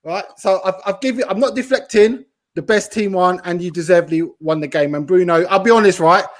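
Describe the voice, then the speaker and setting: Guy, fairly high voice, slangy fan rant on a football panel. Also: a little fast. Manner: slangy, animated, talks over others. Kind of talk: heated football fan chat.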